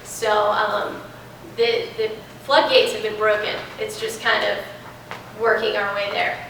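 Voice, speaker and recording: A woman's voice: mid-range voice, little pitch movement, unhurried, fairly bright tone. A young woman, chatting animatedly as a guest speaker in a classroom Q&A, recorded from a distance in an echoey room. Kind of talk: classroom Q&A talk. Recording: echoey room from afar, faint noise.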